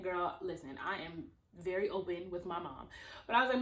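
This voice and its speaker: A woman's voice: on the low side, fast, fairly bright tone. A young woman from Los Angeles telling a personal story in casual storytime chat, talking to viewers like friends and acting out the voices she quotes. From Los Angeles, USA. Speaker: vlogger. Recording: roomy echo.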